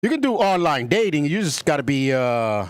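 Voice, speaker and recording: A man co-hosting a live talk show, easygoing and quick to laugh. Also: fairly high pitch, sing-song. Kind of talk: live casual chat.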